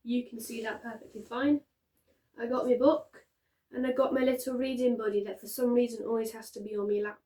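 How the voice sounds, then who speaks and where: A woman's voice: a little high, a little mellow. A young woman chatting casually to the camera at home, rambling a little as she talks about her reading. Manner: rambling, chatty, self-interrupting. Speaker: reading vlogger. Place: at home, sitting on a bed with pillows.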